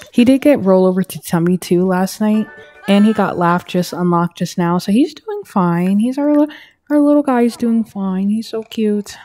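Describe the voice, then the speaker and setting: A woman's voice: medium pitch, mellow. A woman giving casual, chatty commentary on a life-sim game, exclaiming and interrupting herself. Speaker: gaming creator. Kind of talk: casual let's-play commentary.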